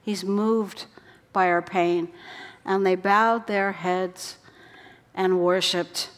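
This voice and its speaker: A woman preaching a sermon in an earnest way, her voice dropping soft for quoted words. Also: lowish voice, fairly even intonation, extremely slow. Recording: long hall reverb.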